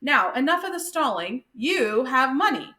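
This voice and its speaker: Woman doing a no-nonsense alley cat, impatient, high voice, echoey. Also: big pitch swings, normal speed, pushed and bright, exaggerated voice. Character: blunt, street-smart male alley cat. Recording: echoey room.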